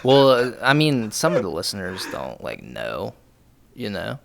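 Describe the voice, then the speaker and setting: A podcast co-host in easy, casual chat, a man whose voice runs low and gravelly. He teases his friend and swears freely, and his pitch swings around a lot as he talks. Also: wildly swooping pitch, measured pace.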